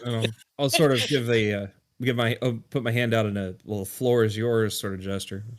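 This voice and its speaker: A man playing a tabletop game, describing his character's gestures in a low-key way. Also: fairly even intonation, a little fast. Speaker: player. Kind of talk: casual tabletop game chat.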